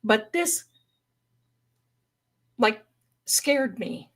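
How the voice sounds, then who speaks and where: A woman's voice: fairly high pitch, animated, drawn-out words, a bit bright. A woman telling a story on a live stream in a dramatic, folksy way, calling her listeners darlings. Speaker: paranormal storyteller guest.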